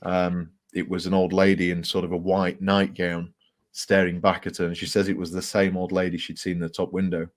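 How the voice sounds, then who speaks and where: A man's voice: sits low, a little fast. A man, a book author telling ghost stories casually, with laughs and fillers. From England. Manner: animated storyteller with fillers and laughs. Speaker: author guest. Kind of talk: casual storytelling interview.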